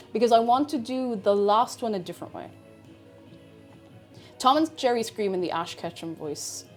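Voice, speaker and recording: An Irish woman chatting away on a cooking stream, her voice bouncing up and down in pitch as she talks. She rambles and restarts sentences, with faint music playing behind her. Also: very animated, a little slow, pauses often, a little mellow. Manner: rambling, chatty, self-interrupting. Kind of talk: casual chat while cooking.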